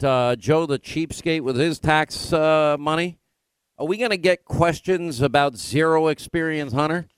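A male radio talk host with a fairly high, dry, close-miked voice. He talks politics in a rapid run of pointed rhetorical questions, one after another. He broadcasts from a remote location. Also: no room sound.

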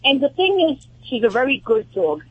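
Husky New York woman on phone. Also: sits high, big pitch swings, moderate pace, muffled recording. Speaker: caller.

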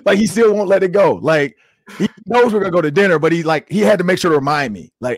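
A man in his forties hosting a sports podcast, telling stories in a casual, animated way with lots of "like". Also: sits high, quick pace, dry recording, clean studio sound. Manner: animated storytelling with many "like"s. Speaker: show host and former coach.

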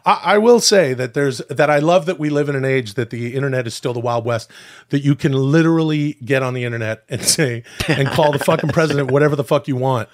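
A man's voice: medium pitch, fairly quick, no room sound, studio quality. A man hosting a podcast, chatting casually in a rambling, joking way with swearing. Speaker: podcast host. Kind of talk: casual chat.

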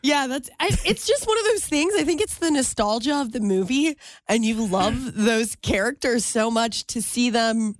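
A woman co-hosts a casual radio show with a fairly high voice. She tells stories in a bubbly, emotional way and laughs often. The studio sound is dry and close. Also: lively intonation, normal speed, few pauses, dry recording. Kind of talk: casual morning show chat.

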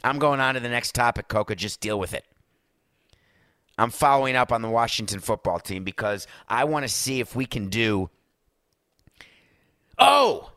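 A man's voice: mid-range voice, a little fast, fairly bright tone, no echo, clean studio sound. A man hosting a sports talk show, delivering an emphatic, sarcastic monologue. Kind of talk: opinionated sports radio monologue.

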